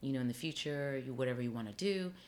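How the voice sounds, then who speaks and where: A middle-aged woman, an actor and acting teacher, chatting in an interview and telling her story with lively acted-out dialogue. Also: a bass voice, quick pace, a little hiss or hum. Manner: animated storyteller, acts out quoted dialogue. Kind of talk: casual interview chat.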